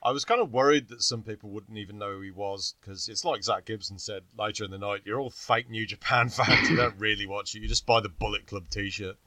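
A man's voice: lowish voice, a little fast, hardly any pauses, pushed and bright, no room sound. A wry, outspoken man co-hosting a casual chat podcast, laughing often. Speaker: podcast co-host.

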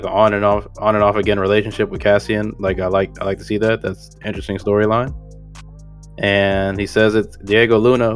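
A man co-hosting a podcast, chatting casually in slang, rambling and correcting himself as he goes. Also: fairly low pitch. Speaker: podcast co-host. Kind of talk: casual chat.

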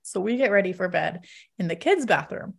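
A woman's voice: fairly low pitch, lively intonation, brisk, vocal fry, slightly rough. A woman in her thirties vlogging, telling a personal story to her viewers in a candid, chatty way, laughing often and filling with "like".

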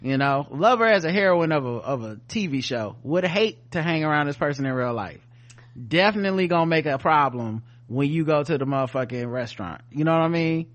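A man's voice: a little high, lively intonation, a little fast, fairly bright tone. A man co-hosting a podcast, recapping a TV episode in casual, profane chat and acting out the characters' lines as he goes. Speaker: podcast co-host reviewing a TV episode.

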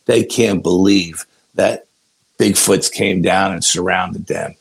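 A man with a gravelly voice, telling a long story as a guest in a casual interview, often adding "you know". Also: low-pitched, steady tone, takes it slowly. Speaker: guest investigator.

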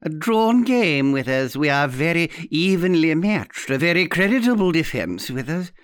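A man's voice: a little high, big pitch swings, normal speed, dry recording, studio quality, pitched above the performer's own voice. A man voicing a sly, overbearing old woman in an audiobook, teasing and imperious. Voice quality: mocking, croaky. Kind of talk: audiobook character voice.

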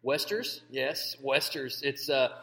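A man co-hosting a comedic banter show, teasing in a dry, deadpan way. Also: medium pitch, slow pace. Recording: long hall reverb.

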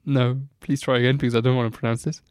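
A man's voice: medium pitch, little pitch movement, fast, darkish tone, clean tone, dry recording, clean studio sound. A man co-hosting a podcast, casually quizzing his co-hosts in a light, teasing way. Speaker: podcast co-host. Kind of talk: casual chat, quiz questions.

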